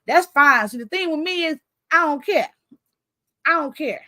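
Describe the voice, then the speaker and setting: Woman talking on her book launch stream, chatty and all over the place, kinda high voice. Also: moderate pace. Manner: chatty, rambling, loses her train of thought; expressive, animated with laughter. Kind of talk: casual livestream chat.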